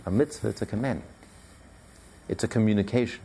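A man's voice: fairly low pitch, fast, dark tone, breathy edge. A man teaching a religious class in an emphatic, repetitive, conversational way, with many fillers.

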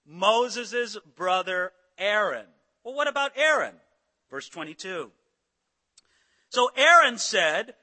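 High, bright-voiced preacher in a reverberant hall. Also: male voice, slow. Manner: animated preaching, acting out biblical voices. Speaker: pastor. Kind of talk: sermon.

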